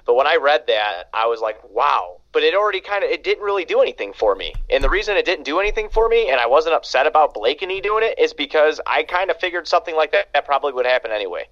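A man's voice: fairly high pitch, sing-song, fast, few pauses, a bit bright. Laid-back rambling man, dull lo-fi sound. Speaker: podcast co-host. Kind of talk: casual sports talk.

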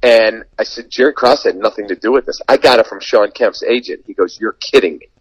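Here a man speaks fairly quickly in a fairly low voice with a breathy edge, captured in a low-quality recording with no room sound. A sports broadcaster on radio and TV, he's sharing an anecdote in an easygoing podcast chat. He animates the story by voicing the dialogue he quotes.

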